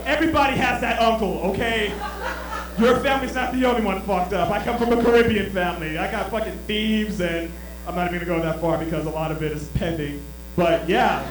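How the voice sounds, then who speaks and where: A man doing a stand-up comedy set, telling profane stories in an animated way with bursts of laughter. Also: high voice, reverberant. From Brooklyn. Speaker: stand-up comic and show host. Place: comedy venue with a live audience.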